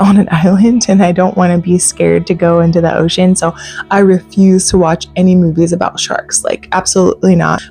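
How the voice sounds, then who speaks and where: A woman hosting a casual solo podcast, chatty and animated, laughing often and saying "like" a lot. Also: fairly low pitch, creaky. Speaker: podcast host. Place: home.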